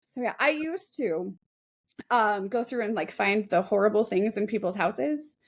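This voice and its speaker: A woman's voice: mid-range voice, expressive, a little slow. A woman in her forties, a real estate agent, chatting in an interview in a self-deprecating, laughing way. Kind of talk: casual interview chat.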